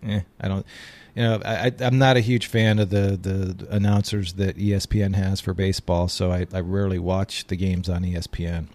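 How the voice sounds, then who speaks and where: A man's voice: low-pitched, flat delivery, a little fast, a little mellow. A middle-aged man hosting a casual sports podcast, easygoing and reminiscing as he steers the talk. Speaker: podcast host.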